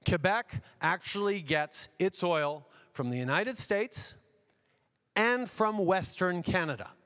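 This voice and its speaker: A man, a politician, answering audience questions at a town hall in a measured way, repeating phrases and using frequent fillers. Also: high voice, expressive, fairly bright tone, clear, resonant tone. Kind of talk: unscripted public Q&A answers. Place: large university hall. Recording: long echo of a big hall.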